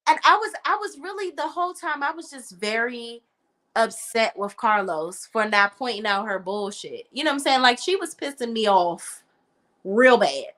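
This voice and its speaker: A woman with a DC accent co-hosting a casual commentary chat, blunt and animated, swearing freely. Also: fairly high pitch, moderate pace. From Washington, D.C. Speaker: podcast co-host.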